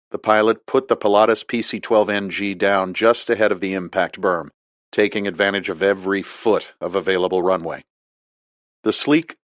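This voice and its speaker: A man narrating an audiobook in a steady, measured read. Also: lowish voice, no room sound.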